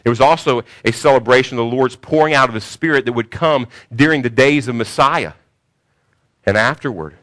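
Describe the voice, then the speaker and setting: Male pastor, sermon, dramatic, hushed then loud, repeats words. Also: medium pitch, brisk. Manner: emphatic, repeats words while searching for them.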